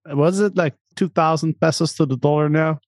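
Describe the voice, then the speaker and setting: A man hosting a podcast, reading a scripted intro and then chatting in an upbeat, energetic way with guests. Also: fairly high pitch, normal speed, no room sound, studio quality. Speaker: podcast host. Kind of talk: casual interview, scripted intro.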